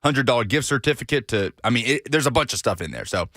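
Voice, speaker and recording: A man co-hosting a sports radio show, chatting quickly and reading sponsor spots. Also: medium pitch, animated, bright, forceful tone, no room sound, studio quality. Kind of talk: casual sports radio chat.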